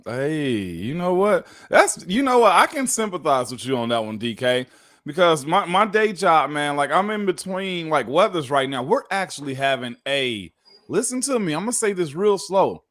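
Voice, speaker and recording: A man hosting a casual sports talk show, laid-back and drawn-out, often calling his co-host "man". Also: on the high side, sing-song, a bit bright. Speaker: host, former football player. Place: Tennessee.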